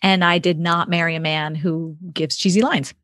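A woman's voice: fairly low pitch, steady tone, moderate pace, a bit bright, dry recording, clean studio sound. A woman co-hosting a casual talk show, sharing a personal story in a chatty, self-deprecating way with frequent laughs.

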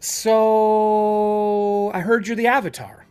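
A man's voice: high voice, steady tone, slow pace, darkish tone, clean tone, pitched above the performer's own voice. A man voicing a battle-scarred young woman hero who talks in a casual, offhand way.

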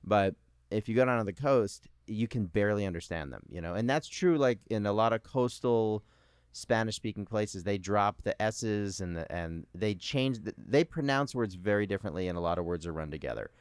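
Smooth-voiced relaxed young man. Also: fairly low pitch, moderate pace, no room sound, clean studio sound. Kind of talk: casual conversation.

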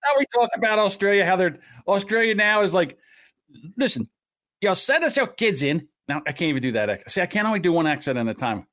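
A man hosting a podcast in casual comedic chat, talking in an animated, sarcastic, ranting way. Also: high-pitched, quick pace, few pauses. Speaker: podcast host.

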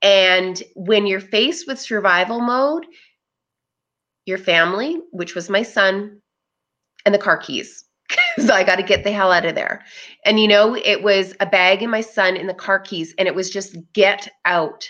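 A woman's voice: medium pitch, a little slow, a bit bright, muffled recording. A woman being interviewed, talking in an earnest, reflective way. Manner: reflective, earnest, with frequent "you know". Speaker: interview guest. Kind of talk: casual interview conversation.

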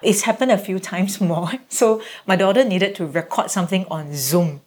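A woman's voice: on the low side, moderate pace. A middle-aged woman, a guest parent telling stories casually and acting out quoted reactions. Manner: animated, acts out quoted reactions. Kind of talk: casual conversational storytelling.

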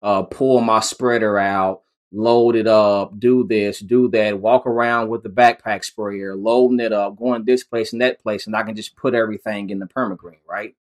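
A man's voice: fairly low pitch, fairly even intonation, normal speed, few pauses. A man in casual conversation, telling stories about his lawn care business in an easygoing way, with frequent restarts. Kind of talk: casual chat.

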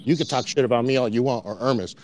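A man's voice: medium pitch, fast talker, a little mellow, a little hiss or hum. A man arguing angrily in a live audio chat, swearing often. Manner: angry, swearing, mixing in curses in another language.

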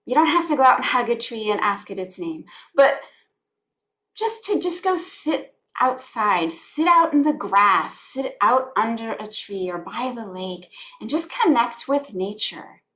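A woman with a fairly high voice, talking earnestly and from the heart. She often circles back and repeats her phrases as she chats on a podcast. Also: animated, unhurried, fairly bright tone. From United States. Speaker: guest, spiritual life coach. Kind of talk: conversational podcast interview.

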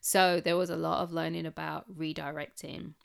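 A woman's voice: low-pitched, level tone, normal speed, vocal fry, clear, resonant tone. A woman reflecting on raising her nieces in candid personal chat, with plenty of "like" and "um". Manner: candid, chatty, with frequent "like" and "um".

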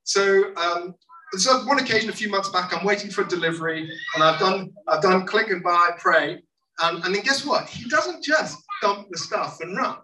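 A preacher telling a story to a congregation in a lively sermon style, acting out the people in it. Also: medium pitch, normal speed. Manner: animated, acts out quoted voices. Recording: echoey room, mic at a distance, faint noise.

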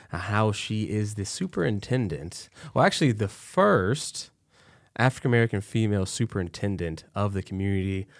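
A man's voice: fairly low pitch, darkish tone, no echo, clean studio sound. A man co-hosting a podcast interview, talking in an enthusiastic, chatty way. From Texas. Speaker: podcast co-host.

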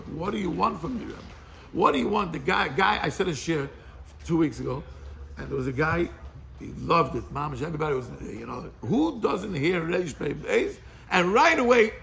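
A man leading an informal Torah class, animated and quizzing his listeners, mixing Hebrew and Yiddish terms into English. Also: high-pitched, creaky, a little hiss or hum.

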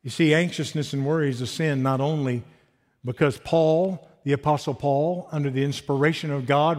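A man in his fifties preaching a sermon, animated, asking his listeners rhetorical questions. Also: fairly high pitch. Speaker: pastor. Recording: long hall reverb.

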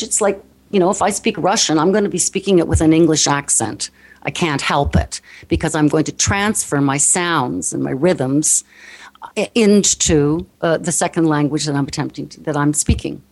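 A woman with a North American accent, a speech coach explaining her work earnestly in an interview. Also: fairly low pitch. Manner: earnest, explanatory, with frequent restarts. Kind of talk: interview conversation.

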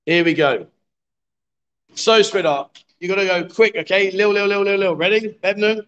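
A middle-aged man runs a live stream from a bar, coaxing the players and teasing them in a chatty, joking way. His voice sits fairly high for a man. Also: moderate pace, a bit bright, lo-fi sound. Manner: jokey, coaxing, chatty with viewers. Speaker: livestream host. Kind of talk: live-streamed pool game commentary. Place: bar with a pool table.

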